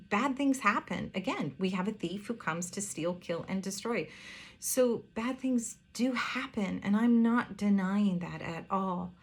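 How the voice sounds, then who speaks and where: Earnest woman preaching a sermon. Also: mid-range voice. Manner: earnest, heartfelt, with pauses and hesitations. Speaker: pastor.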